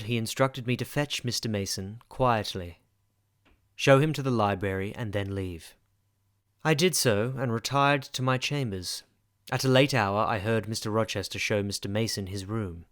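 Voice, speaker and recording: A man narrating a storybook in a quiet, measured way. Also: medium pitch, dry recording, studio quality.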